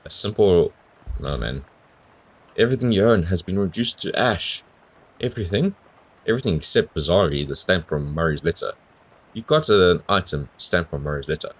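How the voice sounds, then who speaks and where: A man with an extremely deep, low voice narrates his way through a video game. He reads the on-screen text aloud and drops bemused little comments between lines. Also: lively intonation, moderate pace. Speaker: gamer. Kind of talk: let's play commentary.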